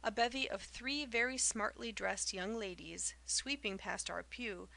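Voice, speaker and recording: A woman reads an audiobook in a measured, literary storytelling style. Her voice carries a gravelly texture and a bright, sharp tone. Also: mid-range voice, rough recording. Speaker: audiobook narrator. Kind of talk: scripted narration.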